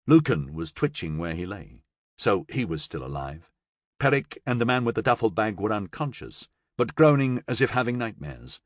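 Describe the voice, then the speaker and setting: Low-voiced, expressive male audiobook narrator. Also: moderate pace, no echo, studio quality. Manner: expressive, dramatic storytelling. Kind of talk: scripted narration.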